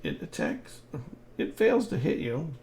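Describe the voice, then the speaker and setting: A man narrating as game master of a tabletop game, unhurried and halting, with frequent restarts. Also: fairly high pitch, wildly swooping pitch, vocal fry, background noise.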